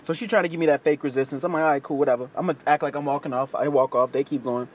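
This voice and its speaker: A young man telling a crude, slangy story in casual chat, acting out other people's voices with big jumps. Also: very fast. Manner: animated, acts out quoted voices with big pitch jumps; crude slangy street talk.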